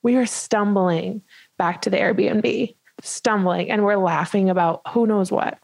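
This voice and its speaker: A woman in her twenties telling a funny story in casual chat as a podcast co-host, animated and full of "like" fillers. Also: medium pitch, unhurried, creaky, dry recording, rough recording. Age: 20s. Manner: animated, many "like" fillers, laughs while telling.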